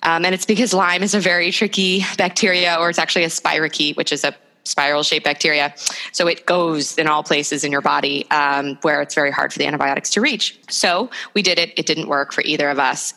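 A woman from the northeastern United States, a guest in an interview, explaining thoughtfully with frequent pauses and "um"s. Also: low voice, steady tone, pushed and bright, low-quality recording. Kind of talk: interview conversation.

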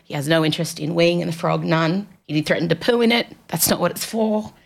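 A woman's voice: lowish voice, a little fast, creaky. A woman hosting a podcast, telling self-mocking stories in a casual, comedic monologue from a studio. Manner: chatty, self-mocking storytelling. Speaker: podcast host.

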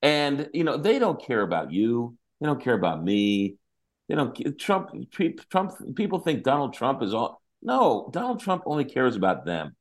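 A man hosting a talk show, chatting about politics in an animated, repetitive, exasperated way. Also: mid-range voice, moderate pace. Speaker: radio talk host. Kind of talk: casual political chat.

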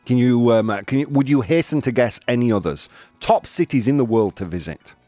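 A man's voice: medium pitch, expressive, fairly quick, warm tone, no room sound, faint music behind. A man hosting a live show in casual chat, playful and laughing, mixing in Spanish phrases. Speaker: host of a live daily show. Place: studio in Madrid.

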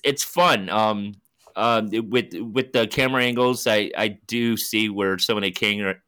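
A man's voice: on the low side, sharp tone. A man co-hosting a podcast, chatting casually and animatedly about a film, swearing freely and acting out scenes. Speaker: podcast co-host.

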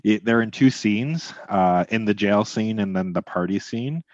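A man co-hosting a casual movie podcast, relaxed and matter-of-fact. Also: lowish voice, normal speed, no echo, muffled recording. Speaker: podcast co-host.

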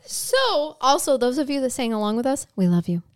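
A woman's voice: high-pitched, sing-song, fairly quick. A woman co-hosting a casual podcast on a headset mic, reading folklore aloud with playful asides and frequent laughter. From Irish descent, American. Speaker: podcast co-host. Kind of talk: casual chat.

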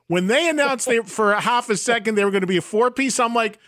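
A man hosts a rock podcast, his voice slightly high and recorded close and dry. He is enthusiastic and jokes with his guest. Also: a little fast, a bit bright, no room sound. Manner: enthusiastic, joking. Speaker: podcast host. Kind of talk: interview host chat.

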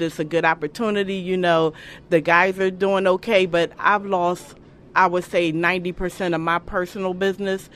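A woman's voice: lowish voice, steady tone, normal speed, a bit bright. A middle-aged woman, a barbershop owner speaking bluntly and from the heart in a news interview.

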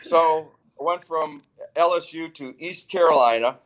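A man's voice: on the high side, a little slow, a bit bright, low-quality recording. An older man from Wisconsin, a football coach telling stories of his career in a chatty, easygoing way. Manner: chatty, restarts phrases. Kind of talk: casual interview storytelling.

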